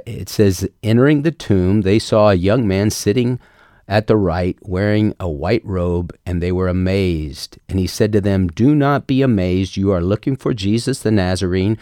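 A man preaching a sermon, telling the story in an earnest way and slowing down on the words he stresses. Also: sits low, darkish tone, dry recording, clean studio sound. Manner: earnest, storytelling delivery with slow emphatic stretches.

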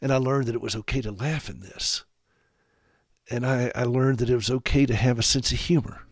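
A man from South Carolina hosting a radio talk show, speaking straight to his listeners with sarcastic, animated humor. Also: mid-range voice, a little fast, dry recording, clean studio sound. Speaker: radio host.

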